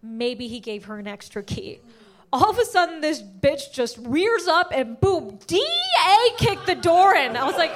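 A young woman delivers a stand-up comedy set on a club stage. Her voice sits high and she tells her story with animated energy, jumping into the voices of the people she quotes. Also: measured pace, noisy background.

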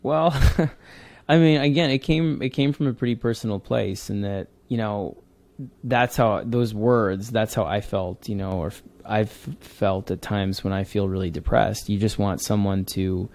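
A man's voice: lowish voice, a little slow, darkish tone. A man, a comic book writer, talking earnestly and rambling in a casual interview. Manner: earnest, rambling, with many restarts.

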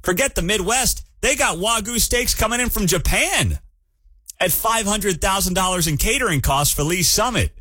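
A man hosting a morning talk radio show, ranting in an animated and incredulous way. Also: sits high, moderate pace, no echo.

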